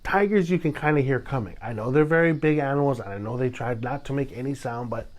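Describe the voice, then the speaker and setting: A man hosting his own podcast in casual solo talk, rambling and dramatic, with sudden loud bursts. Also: medium pitch, fast talker. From Hawaii. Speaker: podcast host.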